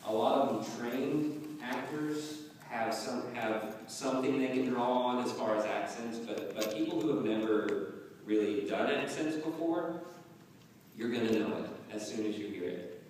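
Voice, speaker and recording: A man's voice: medium pitch, unhurried, distant mic, slight background noise. Chuckling man in an echoey hall. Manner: relaxed, chuckling, rambling storyteller. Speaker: voice actor guest on a convention panel. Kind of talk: casual panel talk. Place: large convention hall.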